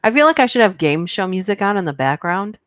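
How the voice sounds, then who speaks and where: This livestream host talks fast, her medium-pitched voice swinging widely in pitch with no echo. She keeps the live chat casual, bantering playfully with her viewers, laughing often and reading movie quotes aloud.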